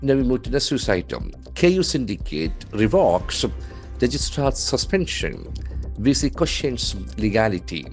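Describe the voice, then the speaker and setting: A man with an Indian English accent teaching English words from a newspaper, spelling them out letter by letter and repeating each word slowly. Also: medium pitch, big pitch swings, soft background music. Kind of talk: newspaper vocabulary lesson.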